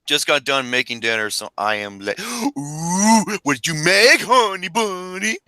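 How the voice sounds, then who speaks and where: Bright-voiced excitable man. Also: a little high, unhurried, no room sound. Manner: loud, swearing, laughing, excitable. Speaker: podcast host. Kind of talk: casual movie chat.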